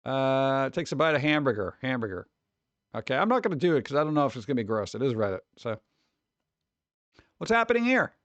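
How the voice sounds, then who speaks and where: A man's voice: medium pitch, sing-song, a little fast, pauses often, no room sound, dull audio. A man from New York streaming casually, reacting to chat with sarcastic, mumbled asides.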